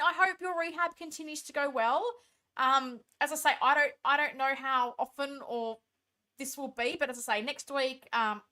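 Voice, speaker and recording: Australian woman, stream host, tired late-night chat, higher pitched, bright tone, reads and answers comments. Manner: reads viewer comments aloud and answers them, chatty and thankful. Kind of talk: casual live-stream chat.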